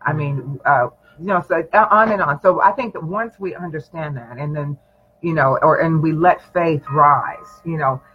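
A man's voice: on the high side, normal speed. A man, a pastor, preaching encouragement in a prayer session with emphatic affirmations. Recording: dull lo-fi sound with faint music.

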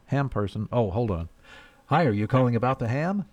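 A man's voice: mid-range voice, lively intonation, a little fast, a little mellow, no echo, highs cut off. A male radio host in a studio, talking in a folksy, rambling way with chuckles. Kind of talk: morning radio show.

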